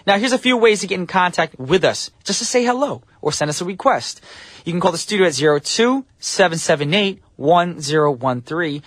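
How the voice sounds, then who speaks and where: A man's voice: sits high, expressive, fairly quick, dry recording. A young man hosting a morning radio show in a studio, chatty and joking as he talks to listeners.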